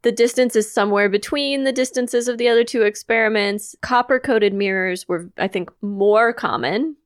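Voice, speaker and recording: A woman co-hosting a podcast lays out her research in a chatty, explanatory way with flashes of humor. Her voice sits a little higher than most. The recording is close and dry, with no room sound. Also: normal speed, no echo. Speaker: podcast co-host. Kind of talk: casual chat presenting research.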